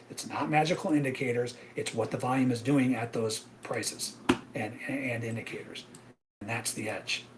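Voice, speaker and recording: A man's voice: medium pitch, slight background noise. A middle-aged man hosting a live trading webinar, ranting emphatically and often tagging "right?" onto his points. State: out of breath. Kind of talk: animated live webinar rant.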